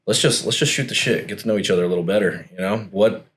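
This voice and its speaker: A man's voice: fairly low pitch, fast, a bit bright. A man hosting a podcast, chatting in a friendly, laid-back way and calling his guest "man" often. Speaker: podcast host. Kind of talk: casual podcast chat.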